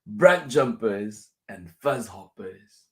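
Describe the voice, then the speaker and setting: A man reading a picture book aloud for children, going over each passage twice in a gentle way and chuckling softly between lines. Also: on the low side, expressive, takes it slowly. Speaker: children's storyteller.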